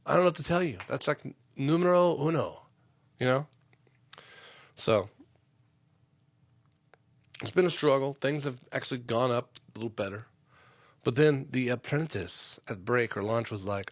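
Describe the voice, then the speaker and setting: A man's voice: medium pitch, moderate pace, long pauses, dry recording, clean studio sound. A man who works a union trade, hosting a podcast in a loose, rambling monologue full of swearing and fillers. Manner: profane, lots of fillers.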